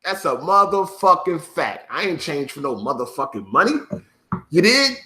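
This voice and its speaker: High, bright-voiced man ranting profanely. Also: very animated, moderate pace. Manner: profane, repetitive, emphatic ranting. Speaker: YouTuber. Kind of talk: vlog rant to camera.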